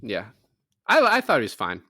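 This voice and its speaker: A man's voice: medium pitch, huge pitch swings, moderate pace, sharp tone, no room sound. Dry-voiced man recapping a movie casually. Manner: recaps plot loosely, jokes and mock-quotes characters. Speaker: podcast co-host. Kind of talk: casual movie review chat.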